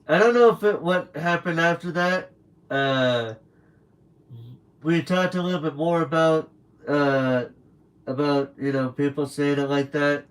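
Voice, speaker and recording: A young man chatting casually on a late-night stream from home, his voice sitting a little higher than most men's. He rambles through a story, loose and unscripted. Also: a little slow, long pauses, low-quality recording. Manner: rambling storyteller who acts out quoted people.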